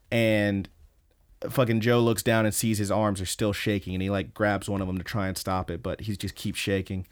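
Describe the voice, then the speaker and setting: A man on a casual podcast recaps a story in a loose, profane way, acting out bits of quoted lines as he goes. His voice sits a little low for a man. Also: little pitch movement, normal speed. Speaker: podcast co-host.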